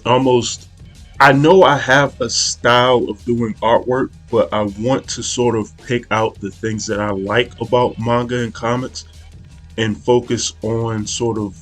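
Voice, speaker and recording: A man's voice: medium pitch, level tone, a little slow, faint music behind. A young man casually talking through an art study, rambling and hesitant, with many fillers and restarts. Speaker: art channel host.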